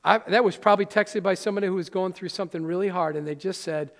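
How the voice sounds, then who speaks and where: A man's voice: sits high, fast talker, fairly bright tone. A man preaching a sermon to his congregation, earnest and conversational, with playful asides. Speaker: pastor. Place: church sanctuary. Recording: live hall reverb.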